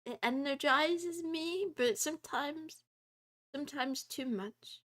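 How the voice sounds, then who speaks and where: Soft high-voiced woman streamer, giggly. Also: slow pace. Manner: giggly, soft, drifts into quiet meowing. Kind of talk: casual livestream chat, reading chat and study notes aloud.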